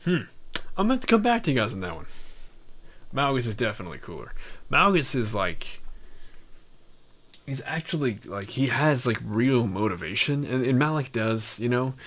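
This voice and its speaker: A man's voice: medium pitch, sing-song, fairly bright tone. Rambling, easygoing man streamer. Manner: rambling, full of "like" and trailing pauses. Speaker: live streamer chatting with viewers. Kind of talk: casual chat.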